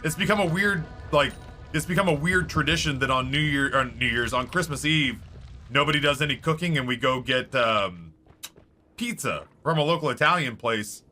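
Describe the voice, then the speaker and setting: A man streaming a game, chatting casually in a rambling, animated storytelling way with many fillers. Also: medium pitch, normal speed, soft background music.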